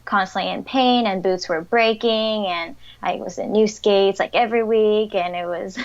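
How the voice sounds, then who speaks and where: Young woman interviewee, upbeat chatty delivery, mid pitch, slightly dull audio. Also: steady tone, moderate pace. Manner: chatty, upbeat, frequent fillers and laughs. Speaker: interviewed athlete. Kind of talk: casual interview answers.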